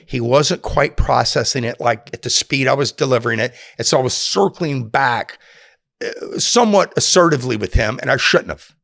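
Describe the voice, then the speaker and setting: Gravelly man telling a prison story. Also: moderate pace. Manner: animated storyteller, drops low and quiet when quoting others. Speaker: interviewee. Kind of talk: casual storytelling interview.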